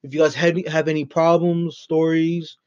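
A man with a slightly high, level, darkish and smooth voice speaks at a normal pace. He's hosting his first podcast solo, rambling off the cuff with plenty of swearing and jokes. The recording sounds dull and lo-fi.

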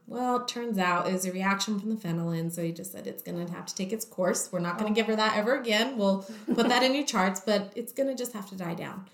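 A woman's voice: medium pitch, fast, hardly any pauses, reverberant. A young woman telling a personal story in a chatty way, acting out what others said, with many "like" fillers. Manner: talkative, acts out quoted voices, many "like" fillers.

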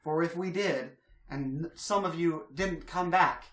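A formal host of the holiday council, voiced by a game master, speaks slowly and stiffly. The voice sits a little above his usual pitch and rings in an echoey room. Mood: pleading. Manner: measured, formal, pleading for calm.

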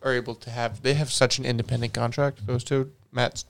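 A man's voice: mid-range voice, steady tone, a little fast, creaky. A man taking part as a podcast guest, chatting casually and often trailing off mid-sentence. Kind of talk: casual chat.

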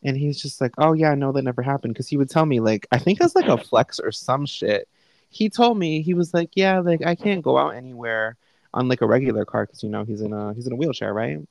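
A man's voice: medium pitch, expressive, a little fast, gravelly, a little mellow, dry recording, low-quality recording. A young man hosting a podcast at home, casually retelling a conversation with profane, candid asides. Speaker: podcast host. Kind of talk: casual storytelling. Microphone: live online call setup.

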